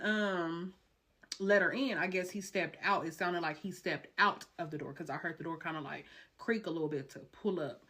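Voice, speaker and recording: A woman telling a dramatic personal story in a casual vlog, cursing freely and talking in slang. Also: fairly low pitch. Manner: animated, profane, slangy storytelling.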